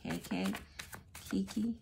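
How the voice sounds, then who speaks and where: A woman giving a casual tarot reading, thinking out loud as she goes. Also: medium pitch, huge pitch swings, slow, vocal fry, background noise. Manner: musing aloud, thinking out loud. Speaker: tarot reader.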